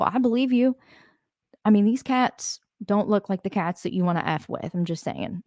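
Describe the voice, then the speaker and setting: Chatty woman, lowish voice. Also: no echo, studio quality. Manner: chatty, blunt, swears freely. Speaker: livestream host. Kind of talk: casual chat reading viewer comments.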